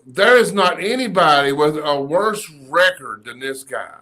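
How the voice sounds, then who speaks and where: A man's voice: on the high side, expressive, a little slow, bright, forceful tone. A man from Kentucky, co-hosting a live show in folksy, joking banter and laughing at his own jokes. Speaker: video producer and co-host.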